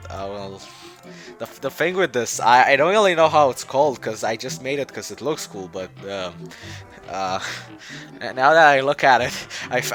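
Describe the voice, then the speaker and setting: A man's voice: medium pitch, a bit bright. A man presenting his game project in a loose, rambling way, full of fillers and restarts, often chuckling. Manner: chuckling, offhand. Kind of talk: joking game showcase.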